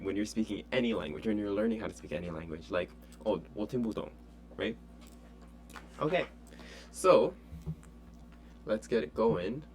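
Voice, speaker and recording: A man teaching an online French lesson in a relaxed, chatty way with many fillers. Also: lowish voice, slight background noise.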